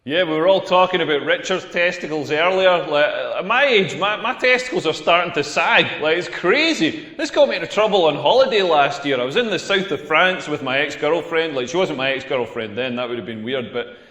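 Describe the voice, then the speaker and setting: A man's voice: a little high, animated, brisk, hardly any pauses, pushed and bright. A man with a Scottish accent playing a crude, self-mocking stand-up comedian telling a rambling routine on a comedy club stage. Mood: deadpan crude. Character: crude boastful Scottish male stand-up comic. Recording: echoey hall with long reverb.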